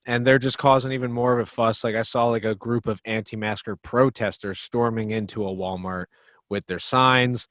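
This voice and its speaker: Male podcast guest, blunt and joking, lots of swearing, mid pitch, dry sound. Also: fairly even intonation, moderate pace, fairly bright tone, no echo. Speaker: musician guest. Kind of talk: casual podcast chat.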